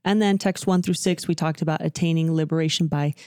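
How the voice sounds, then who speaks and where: A woman's voice: sits low, fairly even intonation, fast talker, dark tone, no room sound, clean studio sound. A woman co-hosting a casual scripture discussion, explaining and summarizing the text. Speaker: podcast co-host.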